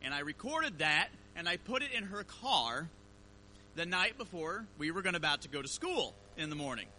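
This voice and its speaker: A male pastor with a high, very bright voice tells a story and reads scripture in an easy, conversational way. A faint hum sits behind his voice. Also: big pitch swings, moderate pace, rough recording. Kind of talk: sermon.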